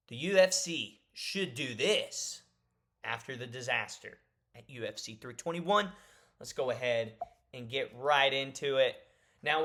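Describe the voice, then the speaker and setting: A man giving opinionated solo commentary in a video, emphatic and animated, repeating points for stress. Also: fairly high pitch. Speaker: MMA commentary YouTuber.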